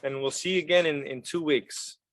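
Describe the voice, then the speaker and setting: A middle-aged man hosting an interview podcast, talking sincerely and warmly with his guest. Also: on the high side, steady tone, brisk. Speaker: podcast host. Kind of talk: casual interview chat.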